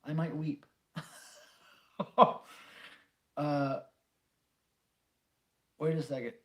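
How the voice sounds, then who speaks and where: A man's voice: fairly high pitch, animated, normal speed. A middle-aged man hosting a casual livestream chat, reading viewer comments and rambling with many fillers and the odd swear. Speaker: livestream host.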